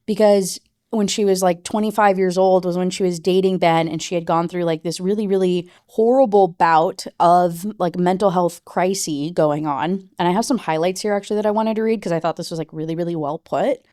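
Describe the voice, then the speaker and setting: A woman's voice: lowish voice, fairly even intonation, brisk, hardly any pauses, dark tone, no room sound, clean studio sound. A woman book reviewer giving a casual rant review, chatty and full of "like" and "you know.".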